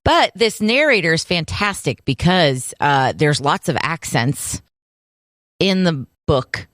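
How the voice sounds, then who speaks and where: A woman co-hosting a casual podcast chat, relaxed and dryly amused, reassuring her co-host. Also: low-pitched, takes it slowly, dry recording, clean studio sound.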